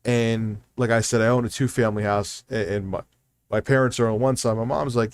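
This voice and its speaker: A man's voice: mid-range voice, fairly even intonation, brisk, no echo. A man streaming from home, telling a heated, profane story and acting out the phone calls. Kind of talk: casual stream chat, ranting story.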